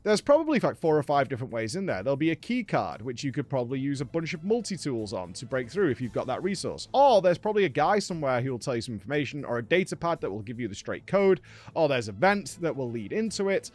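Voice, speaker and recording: Animated man with a lively pitch. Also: fast, soft background music. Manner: animated storytelling with frequent laughs and acted-out quotes. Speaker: gaming streamer host. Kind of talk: casual gaming recap.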